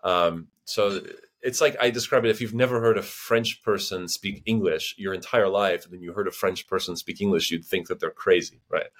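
A man from the United States in his thirties, a guest on a casual interview, speaks in a fairly low voice. He tells stories in an animated way, full of fillers and restarts, and acts out other people's voices. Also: normal speed. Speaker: guest linguist.

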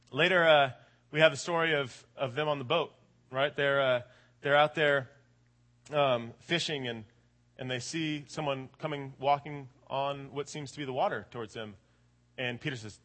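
A man in his late twenties preaching a sermon in an animated, colloquial way, often checking in with the audience. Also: mid-range voice, normal speed. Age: late 20s. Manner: animated, colloquial, keeps asking "right?".

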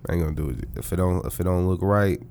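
A man's voice: deep voice, steady tone, darkish tone, a little hiss or hum. A man co-hosting an interview, asking questions and riffing with jokes in casual slang. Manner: joking, hyped, quick to riff. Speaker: podcast co-host.

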